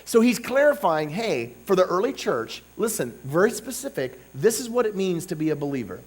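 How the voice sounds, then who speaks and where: A man preaching a revival sermon in a conversational way, often checking in with "okay?" and "you know", swinging between soft asides and loud emphatic bursts. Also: high-pitched, big pitch swings, brisk, slightly rough.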